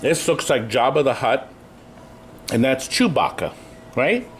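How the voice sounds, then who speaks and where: Animated man hosting in an echoey shop. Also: mid-range voice, unhurried, a little hiss or hum. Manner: playful, teasing, exaggerated outbursts. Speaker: host of a pinball shop channel. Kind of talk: casual joking chat on camera. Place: indoor arcade game shop.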